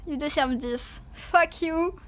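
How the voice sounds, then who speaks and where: High-voiced playful woman streamer. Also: slow, fairly bright tone. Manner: playful, silly, swears often, talks to chat. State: sleepy, yawning. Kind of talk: casual livestream chat.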